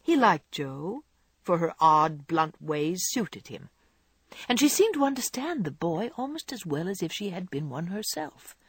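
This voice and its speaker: An audiobook narrator reads a classic novel in a measured, expressive way. The voice is husky and dry, recorded close with no room sound. The pitch moves in lively swings. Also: no echo. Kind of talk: scripted narration.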